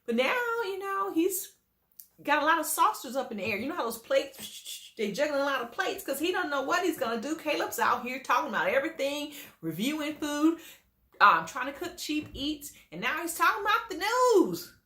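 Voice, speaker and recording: A woman hosting a reality TV gossip commentary show, talking in a sassy, animated way and leaning hard on her emphasis. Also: sits high, moderate pace, reverberant.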